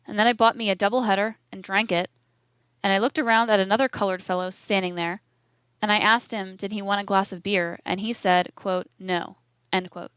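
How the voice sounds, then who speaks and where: A woman narrating an audiobook of court testimony in a measured, even manner, reading the quotation marks aloud. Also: mid-range voice, smooth, dry recording.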